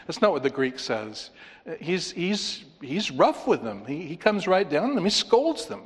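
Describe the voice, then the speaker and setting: A man preaching an expository sermon, animated, acting out the voices of the people he talks about. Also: fairly high pitch, moderate pace, husky, in a large hall. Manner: animated, acts out voices of the disciples. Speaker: pastor.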